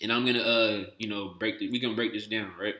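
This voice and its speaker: Male reaction host, emphatic casual delivery, bright tone, roomy echo. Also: on the low side, level tone, quick pace. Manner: conversational, emphatic, streetwise slang. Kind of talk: casual commentary.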